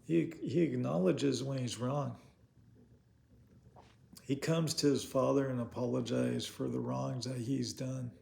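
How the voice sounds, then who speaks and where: Gravelly-voiced man preaching earnestly. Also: medium pitch, steady tone, a little slow, a little mellow. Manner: earnest, repeats phrases, rhetorical questions. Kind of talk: informal sermon.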